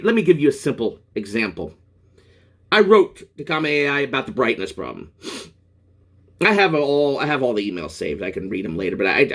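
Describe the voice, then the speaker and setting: A man rants into his camera, swearing and circling back over his points. His voice sits fairly high and jumps around a lot as he gets worked up. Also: fairly bright tone. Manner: angry, profane, rambling rant with restarts. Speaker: product reviewer. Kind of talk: ranting vlog.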